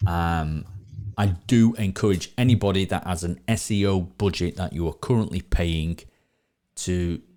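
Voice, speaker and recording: Brief: man, low voice, easygoing host who stumbles and restarts often. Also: unhurried, mellow. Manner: chatty, repeats words, frequent restarts. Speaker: podcast host. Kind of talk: casual live-stream chat. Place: at home.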